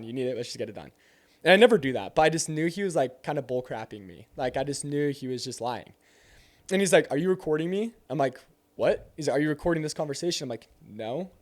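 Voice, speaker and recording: A young man telling a door-to-door sales story in casual chat, acting out both sides of the conversation. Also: a little high.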